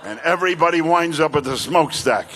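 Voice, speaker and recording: An older male comedian doing stand-up, telling brash rapid-fire jokes. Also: a little high, expressive, fairly bright tone, slight background noise.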